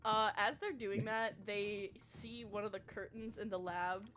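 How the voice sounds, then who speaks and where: A woman playing a tabletop game with friends, talking excitedly with lots of fillers and giggles. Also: medium pitch, a little slow, soft background music. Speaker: player.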